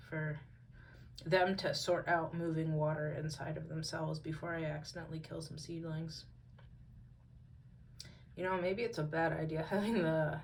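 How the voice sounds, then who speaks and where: A worn-out woman in a casual home vlog, her voice sitting a little low as she rambles gently with plenty of ums. A faint background hiss sits under the recording. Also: gravelly, poor audio. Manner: soft, meandering, many fillers. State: tired, out of breath. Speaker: vlogger. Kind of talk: casual plant-care vlog. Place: home among houseplants, indoors.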